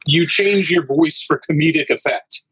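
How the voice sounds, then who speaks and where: A man chatting casually on a podcast, animated and profane, joking between earnest thanks. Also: a little high, normal speed, breathy edge, rough recording. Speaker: motovlogger.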